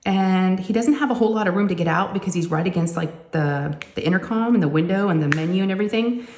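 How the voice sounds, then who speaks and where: A woman, chatting casually and telling animated family stories while she crafts at home. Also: mid-range voice, reverberant. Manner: chatty, animated, says "y'all" often. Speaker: crafting vlogger and mother.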